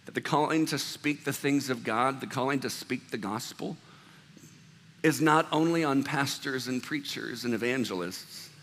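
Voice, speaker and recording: A man's voice: mid-range voice, moderate pace, a bit bright, in a large hall, slight background noise. A man preaching a sermon as pastor, talking in a loose, conversational way with self-deprecating asides.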